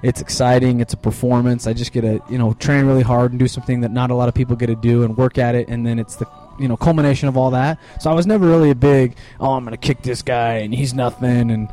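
An easygoing man answers interview questions with modest, dry humor in a mellow, dark-toned voice of middling pitch. Faint music runs quietly underneath. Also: fairly even intonation, fast talker, hardly any pauses. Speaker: guest, fighter. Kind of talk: casual interview.

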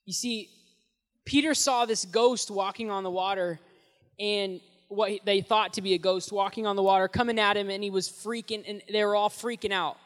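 A young man preaching as a youth pastor, telling the story in an animated, casual way with slang, swinging between loud and hushed, in a large hall. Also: high-pitched, moderate pace. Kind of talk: sermon. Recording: long echoey hall reverb.

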